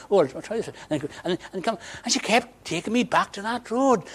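A man from Wales preaching a sermon in a conversational way, moving between loud emphasis and quiet asides. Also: sits high, animated, quick pace, few pauses, breathy edge.

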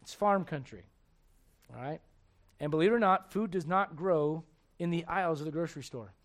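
A man preaching a sermon as pastor, animated and joking, acting out everyday voices. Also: on the high side, moderate pace.

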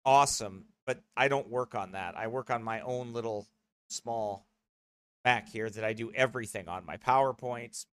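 Rambling pastor chatting into a dry mic. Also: male voice, mid-range voice, normal speed, fairly bright tone, clear, resonant tone, no echo. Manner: rambling, chatty, with many restarts. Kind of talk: casual chat with a streaming congregation. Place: at a desk beside his streaming computer. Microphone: streaming mic close at his desk.

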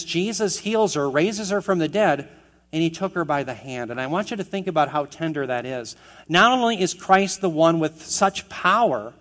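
Earnest man preaching, slightly high voice. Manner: earnest, emphatic preaching with rhetorical questions. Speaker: pastor. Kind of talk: expository sermon.

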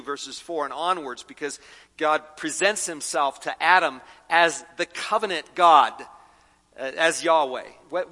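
Male preacher, earnest sermon delivery, bright voice, a bit high, hall reverb. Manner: earnest, rising to emphatic questions.

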